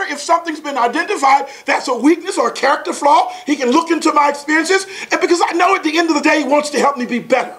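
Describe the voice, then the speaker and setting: Here a man in his forties, a motivational speaker, spins a lively family story for an audience with folksy chuckles and exclamations. His extremely high voice is slightly bright, and he talks quickly with few pauses.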